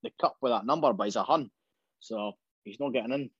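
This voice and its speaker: A man's voice: medium pitch, brisk, slightly rough, dry recording, lo-fi sound. A Scottish man co-hosting a football podcast, laid-back and blunt in his banter. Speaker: podcast co-host. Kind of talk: casual football podcast chat.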